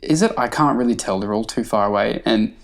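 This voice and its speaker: A man's voice: lowish voice, fairly quick, vocal fry. A man, co-hosting a podcast with dry, sardonic commentary. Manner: dry, sardonic commentary, reads news quotes. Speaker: podcast co-host. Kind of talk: casual chat.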